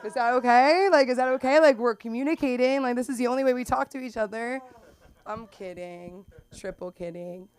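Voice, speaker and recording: A woman's voice: a little high, brisk, smooth. Chatty young woman doing stand-up. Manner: chatty, lots of "like" and "um", acts out customers in loud put-on voices. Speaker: stand-up comic. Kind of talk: open mic stand-up set. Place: small comedy club stage.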